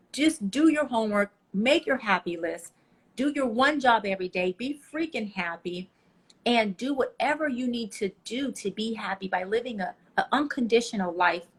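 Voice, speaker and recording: Husky, passionate woman coaching an audience. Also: on the high side. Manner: passionate, preachy, animated storytelling. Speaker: life coach guest. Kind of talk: motivational interview talk.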